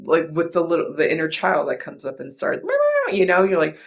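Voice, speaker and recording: Gravelly-voiced woman host, earnest and rambling. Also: sits low, fairly quick. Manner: rambling, soft and earnest, with many restarts and fillers. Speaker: podcast host. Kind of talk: reflective casual chat.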